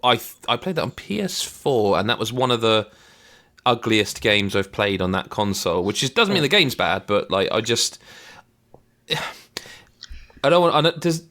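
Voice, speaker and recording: A man's voice: fairly low pitch, sing-song, moderate pace, sharp tone. A man hosting a podcast, chatting casually with stammered restarts. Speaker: host.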